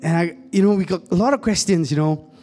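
Higher-voiced young man preaching a sermon. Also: fast, dark tone. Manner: conversational preaching, often addressing the congregation as church; joking, laughs at his own asides.

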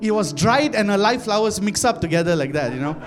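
A man from Malaysia preaching a sermon, telling an animated story with many repeated phrases that builds to fervent exclamations. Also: high voice, brisk, music in the background. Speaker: pastor.

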